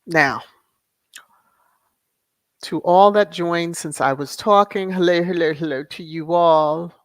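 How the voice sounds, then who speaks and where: A woman's voice: on the low side, takes it slowly, no echo. A woman hosting a livestream commentary show. She talks emphatically and repeats words for sarcastic stress. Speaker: host of a royal news commentary channel.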